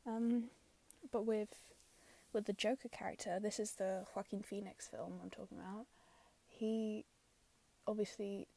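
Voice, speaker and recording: Chatty woman with a gravelly edge. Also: mid-range voice, fairly even intonation, unhurried, warm tone. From London. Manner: chatty and opinionated, many fillers, drops into whispery asides. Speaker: film reviewer. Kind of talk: casual spoken film review.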